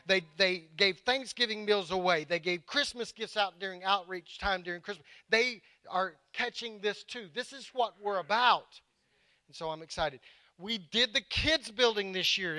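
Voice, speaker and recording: A man's voice: high voice, smooth, no room sound. A man preaching a sermon as pastor, emphatic and building in intensity. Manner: prays softly. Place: church sanctuary.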